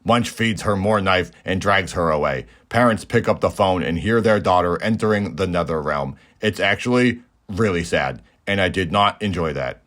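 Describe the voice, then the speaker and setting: A man in his thirties giving a deadpan, joke-filled comedic recap of a movie as the host of his show. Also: low-pitched, moderate pace. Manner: deadpan, absurd jokes. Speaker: movie reviewer.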